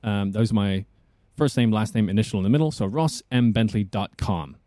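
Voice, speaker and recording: A man voice actor chatting casually as a podcast guest, lively and quick to laugh. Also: on the low side, no echo, studio quality. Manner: chatty, laughing, restarts often.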